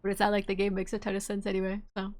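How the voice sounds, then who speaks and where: A woman chatting casually on a livestream as she plays a game, bubbly and quick to giggle, warmly greeting her viewers. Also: mid-range voice, monotone. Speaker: streamer playing a game.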